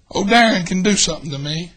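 An older man preaching a folksy sermon, swinging between shouts and hushed asides. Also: high voice, slight background noise. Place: church.

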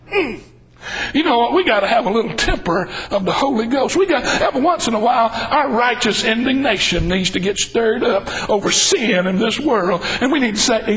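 A man preaching a fervent sermon, emphatic and breaking into shouts. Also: sits high, expressive, moderate pace, poor audio.

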